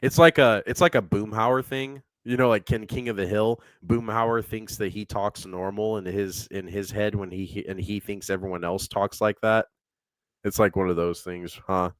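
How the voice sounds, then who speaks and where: Rambling low-voiced man reading chat. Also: smooth, no echo. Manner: rambling, laughs often, reads chat comments aloud. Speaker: podcast co-host reading chat. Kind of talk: casual podcast chat.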